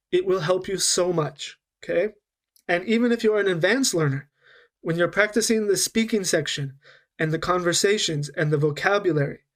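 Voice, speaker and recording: A man with a fairly high-pitched voice delivers a recorded online English lesson. He talks patiently, slowing right down to demonstrate sounds and checking in with listeners again and again. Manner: patient, slows down to demonstrate, frequent "okay?" check-ins. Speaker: English teacher.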